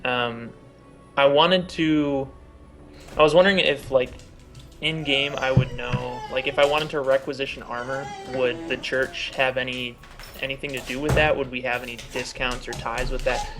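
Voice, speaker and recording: A man's voice: mid-range voice, steady tone, moderate pace, music in the background. A man playing a tabletop game, asking the game master questions in a hesitant way with many fillers. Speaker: player. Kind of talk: casual chat during a tabletop game.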